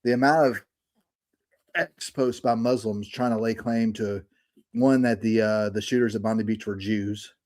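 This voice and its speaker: A man in his thirties with a fairly low voice, talking casually in a rambling way, restarting thoughts and speeding up now and then. He speaks over a remote call. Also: steady tone, normal speed, a little mellow. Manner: rambling, many fillers and restarts, bursts of speed. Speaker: podcast co-host. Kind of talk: casual chat.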